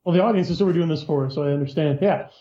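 A man guesting in an interview as an author, explaining his ideas in a measured, lecturing way. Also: a little high, echoey room, highs cut off, a little hiss or hum.

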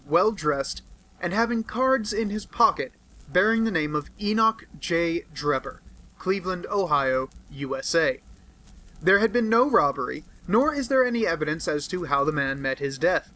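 A formal male police inspector as a man reads his letter in an audiobook. Measured and businesslike, with a bright, forceful tone. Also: fairly high pitch, poor audio.

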